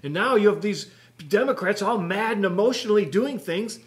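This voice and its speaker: A man's voice: high voice, animated, normal speed. A man co-hosting a political talk show, exasperated and pleading. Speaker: show co-host. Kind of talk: political commentary chat.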